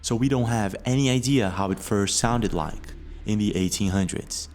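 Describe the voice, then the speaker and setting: A man narrating a mystery video from a script, in a measured storytelling manner with leading questions. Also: lowish voice, darkish tone, slight background noise.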